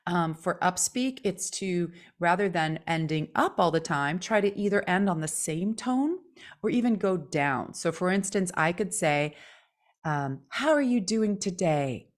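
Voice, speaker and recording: Her pitch is fairly low and her pace unhurried. A Californian voice coach on a casual co-hosted podcast, she speaks with expression and bends her intonation to make and demonstrate her points.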